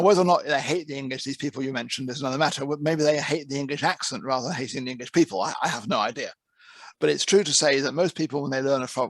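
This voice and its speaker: Gravelly man giving an interpreting talk. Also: medium pitch, fairly bright tone, no room sound. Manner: discursive, frequent restarts and repeated words. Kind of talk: online presentation. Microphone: video call.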